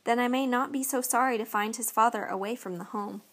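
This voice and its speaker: A woman voicing a boastful, gluttonous male giant with a loud, blustering manner in a storybook reading. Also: very high-pitched, fairly even intonation, brisk, heavily acted. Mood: uneasy.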